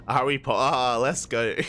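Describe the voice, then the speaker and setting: A man's voice: medium pitch, sharp tone. A man casting a live game late at night, tired and slightly slurring his words, chatty and full of repeated hype lines. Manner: chatty, hypes with repeated catchphrases. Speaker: esports caster.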